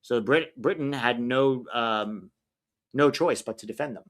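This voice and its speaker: A man's voice: mid-range voice, a little slow. A man hosting a live watch-along stream, giving casual, opinionated commentary and reacting to the play as it happens. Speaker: livestream watch-along host.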